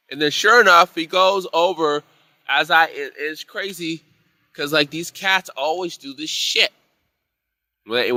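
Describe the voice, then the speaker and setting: A man's voice: mid-range voice, sharp tone, no room sound. A man teaching a casual live class on intuition, telling rambling, profane stories from his bar job in a heated way.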